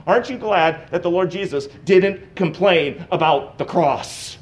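A man's voice: high-pitched, a little slow. A middle-aged male pastor giving a conversational sermon with casual asides and light chuckles.

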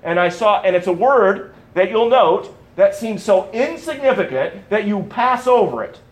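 A middle-aged male pastor delivering a sermon in a fairly high voice. He leans hard on key words and repeats them for weight. He drops to quiet asides, then climbs back to loud stresses. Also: expressive, normal speed. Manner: emphatic, repeats key words, swings between loud and soft.

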